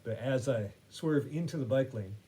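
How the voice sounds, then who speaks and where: A man's voice: medium pitch, normal speed, warm tone. A man hosting a podcast who tells a story in a wry, rambling, self-correcting way. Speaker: podcast host. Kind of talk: casual storytelling monologue.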